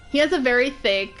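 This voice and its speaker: A young woman chatting casually while playing a video game, laughing and thinking aloud when puzzled. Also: high-pitched. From northern United States. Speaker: streamer. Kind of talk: casual gameplay commentary.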